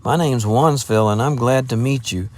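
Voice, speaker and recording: A man's voice: mid-range voice, normal speed, a little mellow, lightly acted. A man voicing a kindly, bantering grown man in a storybook reading. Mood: genial. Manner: genial and bantering.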